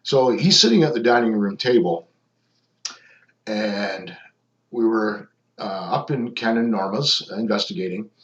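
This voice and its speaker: Brief: low-pitched male paranormal investigator, rambling casual narration, echoey muffled recording. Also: animated, unhurried, long pauses, fairly bright tone. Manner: rambling, many ums and restarts. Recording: echoey, dull lo-fi sound.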